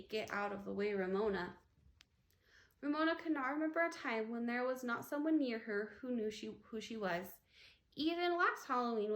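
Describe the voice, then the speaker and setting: A woman teacher reading a children's book aloud with expressive storytelling. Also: fairly high pitch. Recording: echoey room.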